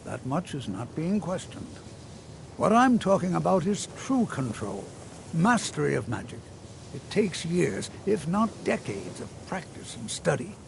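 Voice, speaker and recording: A gentle old wizard instructor from a fantasy video game, lecturing his class with a lively, rising and falling voice and a gravelly crackle. Slightly high for an old man. Steady background noise runs under the game audio. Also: unhurried, heavily acted. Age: older. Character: patient, kindly old male wizard teacher. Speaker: magic instructor.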